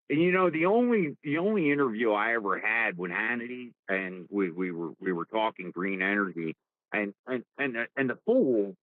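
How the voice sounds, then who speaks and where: A man's voice: mid-range voice, no echo. A man with a strong New Jersey accent hosting a live political talk show, ranting and repeating his words as he goes. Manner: animated, rambling, repeats words. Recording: dry tinny phone-like sound.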